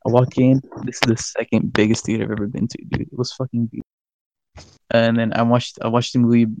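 A man's voice: medium pitch, little pitch movement, brisk, warm tone, no room sound. A young man casually telling a story on a podcast, rambling and swearing a lot. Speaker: podcast co-host.

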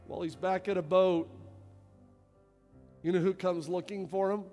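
A male pastor delivers a sermon in a strikingly high voice. He shifts between quiet, low stretches and loud, shouted passages. His voice rings through a long-reverb church hall over faint music. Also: flat delivery, a little slow, long pauses.

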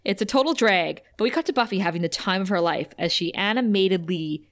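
A chatty woman co-hosting a podcast, recapping a TV episode in casual, animated talk. Her voice sits at a middle pitch, and she leans on fillers like "um" and "like" as she goes. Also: fast. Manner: animated, chatty, laughs often, many fillers. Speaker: podcast co-host.

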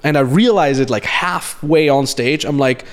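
Man, late 20s, podcast host, slightly high voice, casual storytelling, swears a lot, self-mocking. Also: moderate pace. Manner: rambling, profane, self-mocking. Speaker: podcast host and business coach.

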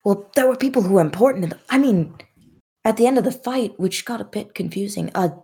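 A woman's voice: medium pitch, animated, fast, dark tone, breathy edge. A woman player in a tabletop role-play game, chatty and rambling, describing her character's actions.

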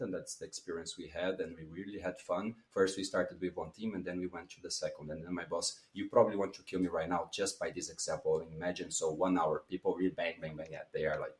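A man being interviewed as a public speaking coach, talking in a lively way with big swings in voice and some non-native phrasing. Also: low voice, fast talker, hardly any pauses. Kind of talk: animated interview talk. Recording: roomy echo.

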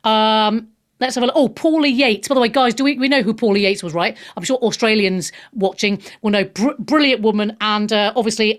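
A woman hosting a live talk radio show in a casual, chatty way, her voice sitting a little high. She speaks frankly and bluntly, often restarting her sentences mid-thought.

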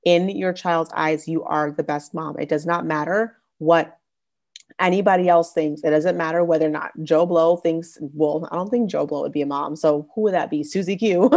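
Low-voiced woman sharing parenting stories. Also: fairly even intonation, normal speed. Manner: earnest, warm-hearted storytelling with many restarts. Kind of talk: casual chat.

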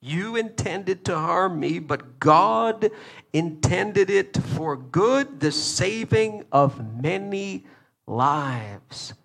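A man voicing a forgiving biblical man who reassures his brothers, speaking slowly and emphatically. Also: high-pitched, lively intonation, creaky, a bit bright, pitched above the performer's own voice, full character voice. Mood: reassuring.

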